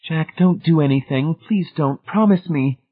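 A man's voice: a little high, brisk, slightly rough, voice pushed up. A man reading aloud, voicing an anxious young woman who pleads urgently. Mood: pleading. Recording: tinny phone-like band.

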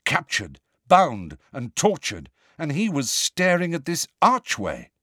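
A man narrating a storybook in a hushed, suspenseful way. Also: a little high, wildly swooping pitch, slow pace, slightly rough, no room sound, clean studio sound. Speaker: audiobook narrator.

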